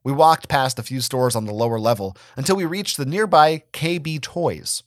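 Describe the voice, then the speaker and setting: A man's voice: medium pitch, moderate pace, no room sound, studio quality. A man giving a dramatic first-person reading of a story. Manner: expressive, dramatic. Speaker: reader.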